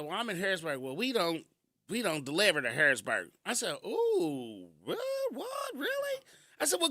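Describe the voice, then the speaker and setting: A man's voice: high voice, dry recording, studio quality. A man from Kentucky hosting a live radio show, telling stories casually and laughing often. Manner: animated storytelling, laughs often. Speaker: radio host. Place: radio studio. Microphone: studio mic.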